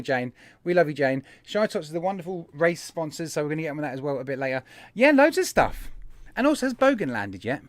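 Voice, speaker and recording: A man's voice: a little high, no echo. A man hosting a live stream, chatting in a casual, upbeat way and greeting viewers one by one. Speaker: host of a vaping live stream.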